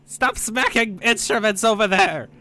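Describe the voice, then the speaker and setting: A man voicing a cheerful Warforged construct who dodges questions about his age, with a lively, raised voice. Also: very high-pitched, a little slow, pitched above the performer's own voice, heavily acted. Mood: cheery.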